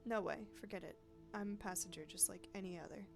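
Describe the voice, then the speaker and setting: A woman reading a gruff old street woman. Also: medium pitch, fast talker, over music, lightly acted. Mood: bargaining. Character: street-worn older woman, blunt and proud. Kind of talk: reading game dialogue aloud.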